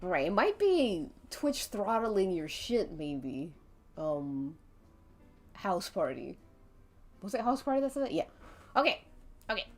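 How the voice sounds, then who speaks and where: A woman's voice: lowish voice, darkish tone. A woman streamer telling an interactive story to her chat, giggling often and breaking off to laugh and restart.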